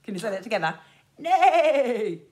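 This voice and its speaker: Lively sing-song woman teaching toddlers. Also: medium pitch, moderate pace. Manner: animated, sing-song, talks directly to little children. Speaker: children's music teacher. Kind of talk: lively children's lesson with songs. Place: outdoors in sunshine.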